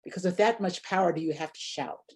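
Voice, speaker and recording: A woman's voice: lowish voice, animated, a little fast, darkish tone, slightly rough. A woman leading a preaching workshop, teaching sermon delivery in a reflective way and posing rhetorical questions.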